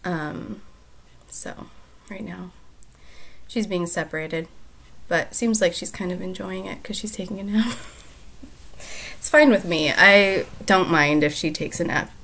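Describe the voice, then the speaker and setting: A woman who reads a storybook aloud and then chats casually, soft-spoken and often dropping to near-whispers. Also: fairly low pitch, unhurried, creaky.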